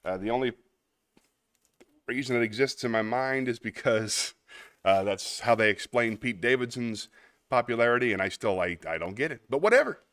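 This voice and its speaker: A man's voice: medium pitch, lively intonation, moderate pace, fairly bright tone, dry recording. A man hosting a casual livestream, rambling in a self-deprecating way and answering chat messages aloud. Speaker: livestream host.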